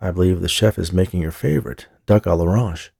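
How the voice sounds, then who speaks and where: A man voicing a charming male medium who speaks gently and reassuringly. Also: low-pitched, fairly quick, vocal fry, breathy edge, no echo, clean studio sound, full character voice. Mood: friendly.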